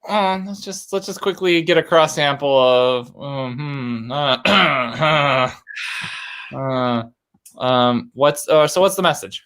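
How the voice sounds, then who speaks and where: A man who is a father and podcast co-host, chatting casually in halting, filler-heavy speech and teasing his co-host. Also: medium pitch, fairly bright tone, clean tone. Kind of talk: casual chat.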